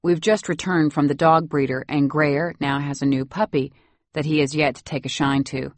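A woman's voice: low-pitched, fairly even intonation, moderate pace, no room sound. A woman narrating a first-person story in an audiobook with wry, dry humor.

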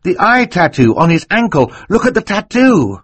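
A man reading an audiobook voices a firm, defiant teenage boy who speaks forcefully. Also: sits high, very animated, normal speed, husky, voice pushed up, exaggerated voice. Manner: forceful, insistent.

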